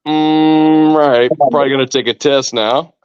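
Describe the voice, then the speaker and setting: A man's voice: on the high side, steady tone, a little slow, clean tone, no room sound. A man casually telling a rambling story with mild swearing on a podcast. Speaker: podcast co-host. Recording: dull lo-fi sound.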